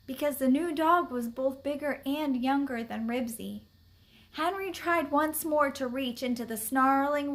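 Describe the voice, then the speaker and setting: A woman reading a children's book aloud, expressive and deliberate. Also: sits high. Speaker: story reader.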